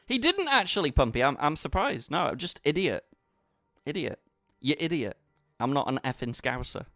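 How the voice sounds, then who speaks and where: A man's voice: on the high side, very animated, moderate pace, a bit bright, no room sound, clean studio sound, faint music behind. A man chatting casually with his viewers while he plays online poker, bantering and talking to the chat. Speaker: poker streamer. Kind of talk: casual live-stream commentary.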